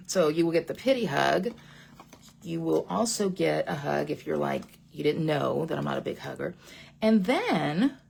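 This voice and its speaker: A woman's voice: fairly low pitch, gravelly, a little mellow, slightly rough. A woman in her fifties teaching a live card-making class, chatty, repeating her phrases and answering viewer comments. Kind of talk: live crafting class with chat.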